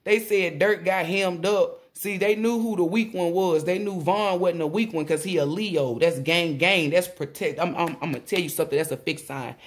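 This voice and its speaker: Woman tarot reader, casual monologue; profane, exclaiming, a little shaky with excitement. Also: on the low side, normal speed, few pauses.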